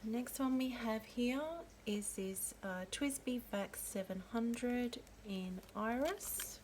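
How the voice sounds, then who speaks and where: Woman slowly showing off her pens, soft easy talk, bit of room hum behind. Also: a little high. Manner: gentle, unhurried, pausing to name each pen. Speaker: pen and ink channel host. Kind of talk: slow show-and-tell narration.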